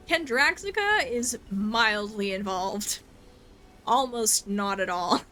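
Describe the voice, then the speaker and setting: A woman's voice: a little high, lively intonation, slow, bright, forceful tone, soft background music. A woman streamer making casual, chatty asides and giggling while playing a game. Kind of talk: casual live-stream commentary.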